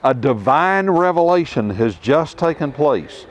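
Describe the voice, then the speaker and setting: A middle-aged man teaching scripture outdoors to a tour group, emphatic, with rhetorical questions and dramatic pauses. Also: fairly high pitch, lively intonation. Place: outdoors at ruins.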